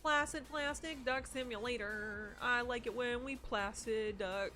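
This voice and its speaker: High, bright, joking woman streamer. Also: unhurried, hardly any pauses, soft background music. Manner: joking, crude and excitable. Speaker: livestream host. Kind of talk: casual live-stream chat.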